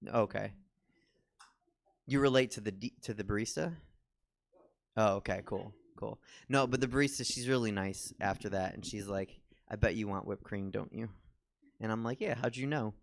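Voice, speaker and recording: A man's voice: lowish voice, moderate pace, gravelly, no room sound. A man in his forties doing stand-up as the host of a small comedy show, rambling and self-deprecating, with lots of fillers. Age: 40s. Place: small comedy theater stage.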